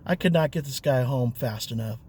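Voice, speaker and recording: A man's voice: medium pitch, a little mellow, slight background noise. A man, a rideshare driver and vlogger, telling a story in a chatty, loose way with fillers and chuckles. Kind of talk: casual storytelling.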